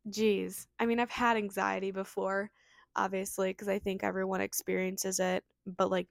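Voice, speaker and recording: A young woman hosting her own podcast, talking casually and quickly with lots of "like" and "um". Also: mid-range voice, creaky, no room sound, clean studio sound. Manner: fast, chatty, lots of fillers. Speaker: podcast host. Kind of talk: casual solo podcast chat.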